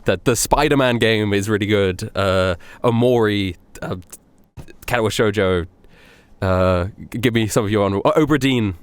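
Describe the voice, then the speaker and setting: A man's voice: lowish voice, normal speed, smooth, dry recording. A young man co-hosting a casual podcast chat, joking and rambling with many restarts. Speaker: podcast co-host.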